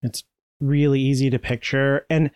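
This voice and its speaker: A man's voice: medium pitch, level tone, normal speed, darkish tone, smooth, dry recording, dull audio. Chatty man on a book podcast. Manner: chatty, laughs often, does silly voices. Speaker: podcast co-host. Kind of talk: casual book-club chat.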